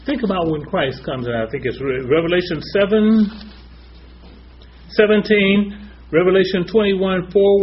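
A man preaching, citing scripture references in short phrases. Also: high voice. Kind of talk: sermon. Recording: slightly dull with faint noise.

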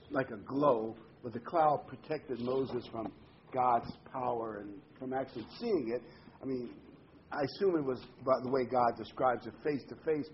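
A man preaching a sermon in a conversational way, leading the congregation to repeat words after him. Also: mid-range voice. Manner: conversational, leads the congregation in call-and-response. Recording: dull lo-fi recording with faint hiss.

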